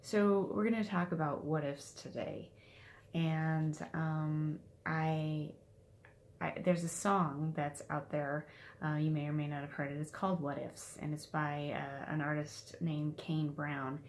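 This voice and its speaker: A woman's voice: sits low, steady tone, a little slow. A woman success coach giving a casual weekly motivational talk, chatty with fillers and restarts.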